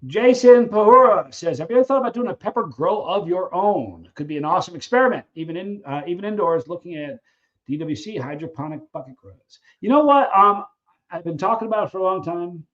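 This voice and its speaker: A man hosts a casual live question-and-answer stream and speaks in a fairly high voice. He tells stories in an animated way, acting out the voices of people in them and often stumbling into restarts. The audio is a little dull and lo-fi. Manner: animated storyteller who acts out scenes, halting restarts. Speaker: livestream host answering viewer questions.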